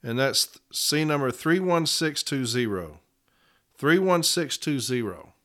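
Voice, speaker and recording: A man acting as a union representative delivers a casual podcast monologue, telling his account plainly and repeating case numbers slowly. His voice is medium-pitched, expressive and a bit bright.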